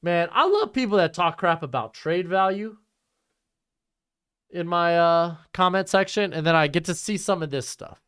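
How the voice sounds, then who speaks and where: A man's voice: high voice, moderate pace, fairly bright tone, smooth. A young man hosting a live-streamed mock draft, talking casually and bluntly and mocking bad trades.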